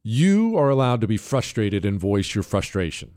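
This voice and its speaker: A man's voice: on the low side, big pitch swings, moderate pace, a little mellow. A man hosting a talk radio show, giving an emphatic, ranting opinion monologue and mocking the people he quotes. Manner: mimics others in whiny quotes.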